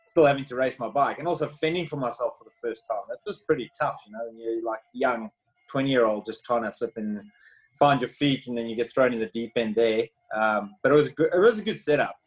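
South african man, casual storytelling, relaxed, lots of fillers. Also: mid-range voice, a little fast, poor audio. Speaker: former pro cyclist, podcast guest. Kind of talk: casual chat.

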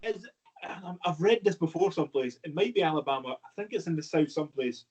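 A man's voice: on the high side, expressive, quick pace, a little mellow, husky, highs cut off. A man chatting casually, swearing now and then. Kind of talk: casual conversation.

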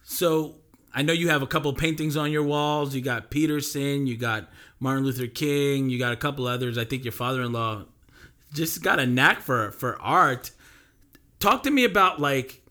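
A man's voice: mid-range voice, normal speed, sharp tone. A man hosting a casual podcast interview, affirming his guest often.

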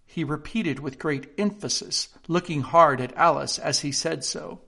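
A man narrating a classic children's book aloud in a steady, expressive storytelling manner. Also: mid-range voice, a little slow, creaky, few pauses. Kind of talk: audiobook narration.

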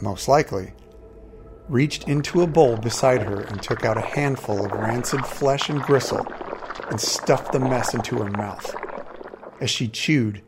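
Man narrating a dark fantasy tale. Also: mid-range voice. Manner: steady, measured storytelling. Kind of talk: first-person fantasy story narration.

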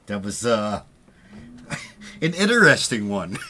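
A man's voice: on the low side, very animated, slow pace, bright, forceful tone, a little hiss or hum. A man co-hosting a podcast, telling a rambling story in casual chat, laughing at himself often. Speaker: podcast co-host.

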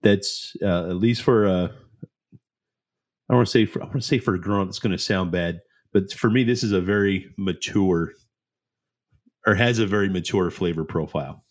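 A man's voice: deep voice, normal speed. A man co-hosting a casual beer tasting chat, talking enthusiastically with many fillers. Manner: enthusiastic, rambling, lots of fillers. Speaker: co-host of a beer tasting show.

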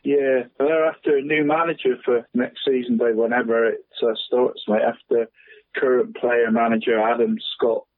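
A man on local radio talking about football, chatty and relaxed, saying "mate" constantly and chuckling often. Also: medium pitch, normal speed, no room sound. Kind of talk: casual phone-in chat. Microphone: phone. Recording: tinny phone line.

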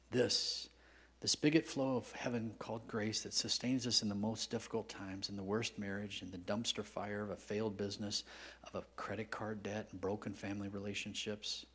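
Speaking at a moderate pace in a lowish, steady voice with a breathy edge, a guest pastor preaches a sermon. He tells stories conversationally and swings from whispers to loud, emphatic outbursts.

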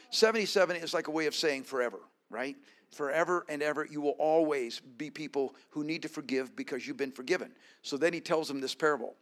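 A man with a fairly high voice delivers a sermon, reading scripture with expressive emphasis. He breaks off for casual asides to the congregation and sinks into quiet, reflective passages. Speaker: preacher.

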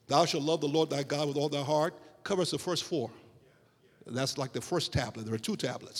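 Gravelly man preaching in an echoing hall. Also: on the high side. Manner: emphatic, drawn-out phrases and rhetorical questions to the congregation. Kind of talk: sermon. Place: church sanctuary.

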